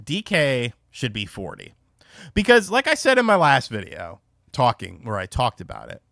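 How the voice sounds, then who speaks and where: A man's voice: mid-range voice, sharp tone, no echo, studio quality. A young man from North Carolina, chatting on a casual livestream and telling rambling, profane stories full of fillers. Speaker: streamer.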